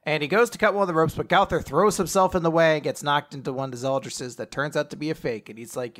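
Animated man retelling a chapter. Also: fairly high pitch, quick pace, hardly any pauses. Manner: animated retelling, acting out characters' lines. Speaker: podcast co-host. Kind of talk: casual chat recapping manga chapters.

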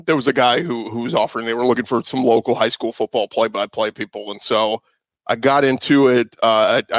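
A man's voice: mid-range voice, no echo. Male sports radio guest, 30s, casual storyteller, mid-range voice, dead-dry podcast sound. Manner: conversational, loose, many fillers and restarts. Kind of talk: casual interview talk.

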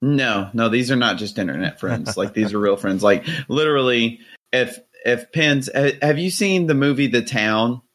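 A male podcast host talking casually, circling and restarting his sentences as he tells a story. His voice sits at a plain middle pitch, neither deep nor high. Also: normal speed, a bit bright. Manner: rambling storyteller, lots of restarts and fillers.

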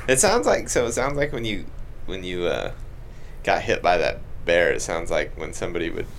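A man in a casual podcast chat, excitable and lively as he talks. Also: low-pitched, normal speed, a little hiss or hum. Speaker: podcast co-host.

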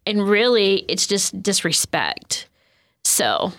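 A woman's voice: mid-range voice, sing-song, takes it slowly, a bit bright. A woman counselor explaining communication skills in a conversational way, with frequent "um" and "you know". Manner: conversational, filler-heavy, with lots of "um" and "you know". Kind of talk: explanatory interview talk.

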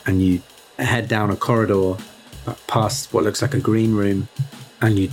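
A man's voice: fairly low pitch, flat delivery, soft background music. Man narrating as game master. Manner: halting narration with frequent restarts. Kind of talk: narrating a tabletop horror game.

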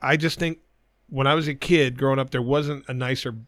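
A man's voice: medium pitch, fairly even intonation, fairly quick, fairly bright tone, no echo, studio quality. A man, co-hosting a podcast in blunt, profane, laughing casual chat. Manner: blunt, swears a lot, laughs easily. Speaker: podcast co-host.

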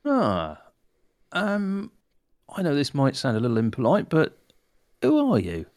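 A man's voice: a little high, huge pitch swings, a little slow, darkish tone. Wry man playing a character. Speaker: player. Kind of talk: playing his character in a tabletop game.

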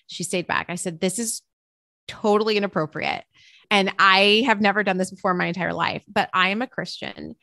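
A woman's voice: medium pitch, a little fast, dry recording, studio quality. A woman, a teacher and author, tells a personal story in an interview, acting out the dialogue as she goes. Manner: expressive, acts out quoted dialogue.

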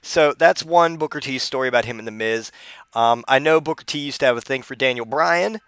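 Gravelly, bright-voiced man chatting casually. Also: medium pitch, brisk, dry recording. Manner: rambling, casual, offhand. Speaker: vlogger. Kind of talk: casual vlog chat.

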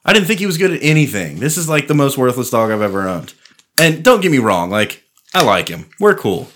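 A man's voice: medium pitch, very animated, fairly quick, fairly bright tone, a little hiss or hum. Laid-back man telling stories. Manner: laid-back storyteller, swears freely, lots of "like". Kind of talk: casual chat.

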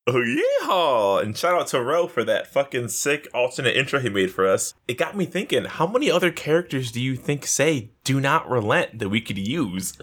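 A man co-hosts a podcast in an excitable, swearing style. His voice is bright and sharp and sits mid-range, and it jumps up when he's surprised. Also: medium pitch, a little fast, hardly any pauses, husky. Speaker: podcast co-host. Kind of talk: casual chat.

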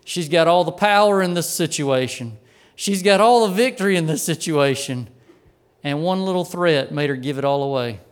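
A middle-aged male pastor telling a childhood story in a sermon, folksy and animated, chuckling as he goes. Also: on the high side, moderate pace, smooth.

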